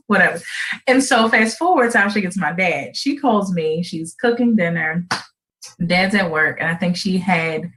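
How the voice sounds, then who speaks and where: A woman radio host telling a story in casual chat, animated and laughing often. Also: moderate pace. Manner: animated, laughs often, jumps into high excited voices when quoting.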